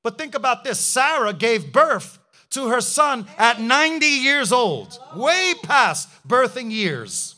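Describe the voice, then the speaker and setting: A man's voice: extremely high pitch, big pitch swings, takes it slowly, bright, forceful tone. A male pastor preaching a fervent sermon, firing rhetorical questions and hallelujahs.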